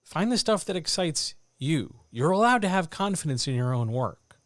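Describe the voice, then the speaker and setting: A man coaching writers in a livestreamed talk, animated and addressing listeners directly, with muttered asides to himself. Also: on the high side, normal speed, no room sound, studio quality. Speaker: writing coach. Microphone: desk microphone.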